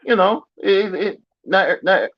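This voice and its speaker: Hesitant man on dull lo-fi audio. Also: high-pitched. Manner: halting, hesitant, repeats himself. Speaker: podcast co-host. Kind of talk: casual podcast chat.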